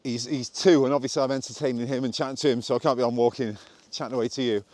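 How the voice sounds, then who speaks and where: A man walks through the countryside vlogging on a handheld camera, rambling in a chatty, self-mocking way. His medium-pitched voice is steady and darkish but he talks at a racing pace, and the recording is dry.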